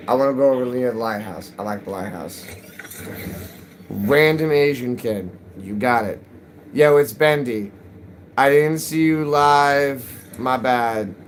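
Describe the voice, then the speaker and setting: A man's voice: mid-range voice, a bit bright, a little hiss or hum, poor audio. A man live-streaming a game, chatting casually with viewers in a rambling, jokey way, his voice cracking. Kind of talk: casual live-stream chat while gaming.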